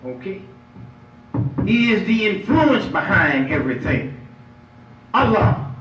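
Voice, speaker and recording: A man preaching a lively Friday sermon as imam, playful and emphatic, drawing responses from the congregation. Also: high-pitched, slow pace, muffled recording, a little hiss or hum. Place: mosque prayer hall. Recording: echoey hall, picked up from far off.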